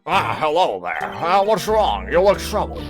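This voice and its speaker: A man voicing a calm, fussy older male lawyer in a video game, slow and soothing. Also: on the high side, faint music behind, pitched above the performer's own voice.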